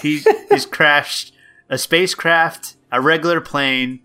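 Guy cohosting a podcast, bright clear tone, rambly, lots of ums. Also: on the high side, fairly even intonation, slow. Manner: rambling, many fillers and restarts. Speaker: podcast co-host. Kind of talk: casual chat.

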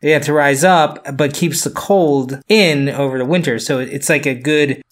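A man's voice: a little high, measured pace. A man co-hosting a casual news chat, explaining stories in a loose, rambling way. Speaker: podcast co-host.

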